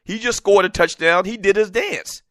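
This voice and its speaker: A man hosting a casual sports talk show, animated and chatty, talking straight to his listeners. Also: sits high, normal speed, no echo.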